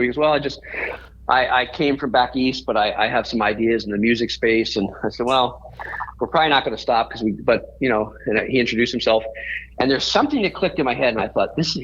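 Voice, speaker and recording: A man's voice: mid-range voice, a bit bright, dull audio, slight background noise. A man, a podcast guest, telling a story in a rambling way and often correcting himself mid-sentence.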